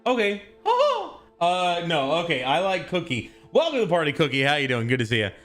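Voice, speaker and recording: A streamer chatting live with viewers, excitable, swearing and laughing often. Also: medium pitch, fairly quick, faint music behind.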